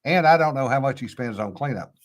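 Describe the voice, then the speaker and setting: A man's voice: medium pitch, lively intonation, a little fast. A middle-aged man with a slight Cajun accent, co-hosting a casual chat in a laid-back, drawling way. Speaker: podcast co-host.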